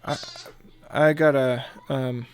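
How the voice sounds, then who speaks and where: A man's voice: medium pitch, fairly even intonation, takes it slowly, smooth, dry recording. A man running a tabletop game, casual and playful, swearing freely. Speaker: game master.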